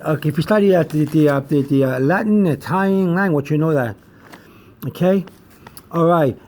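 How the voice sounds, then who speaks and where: A man giving a casual self-made lesson, talking in a rambling, halting way with many fillers and restarts. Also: a little high, a little mellow. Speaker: teacher.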